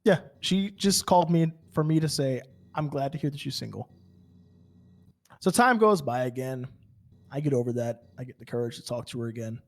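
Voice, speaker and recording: A man with a mid-range voice speaks at a moderate pace while roleplaying on a game server. He rambles through an in-character story in casual chat, full of fillers and stammered restarts.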